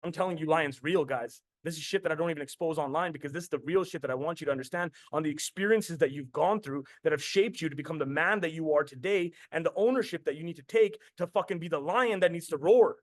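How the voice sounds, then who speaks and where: A man's voice: on the high side, fast, few pauses, no room sound. A man in his thirties from Canada, telling a personal story as a motivational host in an intense, repetitive way, swearing freely. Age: 30s. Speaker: podcast host and business coach.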